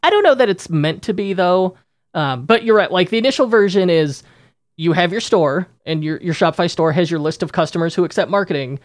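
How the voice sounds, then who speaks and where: A man's voice: high voice, animated, a little fast, no room sound, studio quality. A man hosting a podcast, talking in a casual, rambling way with many restarts and fillers. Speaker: podcast host. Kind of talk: casual chat.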